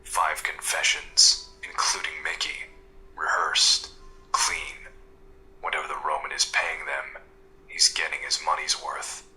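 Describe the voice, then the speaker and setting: A man voicing a brooding masked vigilante who narrates in low, hushed, terse lines in an audio drama. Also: little pitch movement, a little slow, full character voice, rough recording. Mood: grim.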